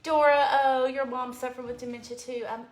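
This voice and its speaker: In an echoey space with faint noise behind her, a middle-aged crafting livestream host chats casually with viewers by name, occasionally tearing up. Her high-pitched voice stays level, moving at a moderate pace.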